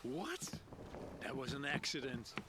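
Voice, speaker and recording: An actor playing a startled Danish sailor who protests that a death was an accident. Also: male voice, mid-range voice, big pitch swings, unhurried. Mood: bewildered. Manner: bewildered, protesting. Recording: noisy game audio.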